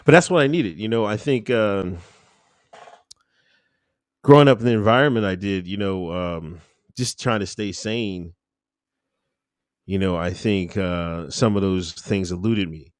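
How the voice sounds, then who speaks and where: A man being interviewed, talking casually about his time in the Air Force, laughing often and acting out quotes with sudden high-pitched voices. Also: unhurried, long pauses, no room sound. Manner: laid-back, laughs often, acts out quotes with big pitch jumps. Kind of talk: casual conversational storytelling.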